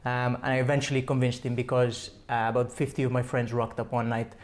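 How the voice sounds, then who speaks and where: A man's voice: medium pitch, flat delivery, quick pace. A young man from Mallorca, a stand-up comedian chatting in an interview, joking and laughing often. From Mallorca, Spain. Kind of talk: casual interview chat.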